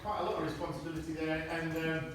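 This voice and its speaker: A middle-aged man giving an informal farewell speech to friends, halting and anecdotal, with many restarts and chuckles, recorded on a phone from across a room. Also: on the high side, flat delivery. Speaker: retiring army medic giving a farewell speech. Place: indoor gathering in a historic hall at night. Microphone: friend's phone held at a distance. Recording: distant phone recording, very echoey room, audible noise. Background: room ambience of a gathering.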